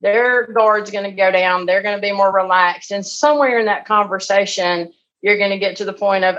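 A woman, a guest on a business podcast, talking in a chatty, animated way and acting out phone calls. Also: mid-range voice, moderate pace, highs cut off. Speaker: real estate investor guest. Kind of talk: conversational interview.

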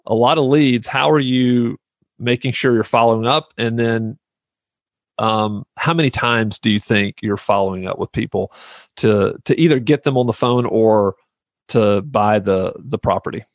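A man's voice: medium pitch, normal speed, no echo. A man hosting a business podcast interview, affirming his guest and asking long questions. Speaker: podcast host. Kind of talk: conversational interview.

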